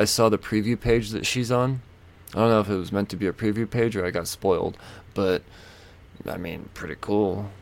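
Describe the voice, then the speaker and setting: A man with a low, gravelly voice hosts a solo podcast in a loose, rambling way. He fills gaps with ums, swears freely and pokes fun at himself as he goes. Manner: rambling, self-mocking, swears, frequent fillers and laughs. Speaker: podcast host. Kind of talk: casual solo comic-book podcast chat.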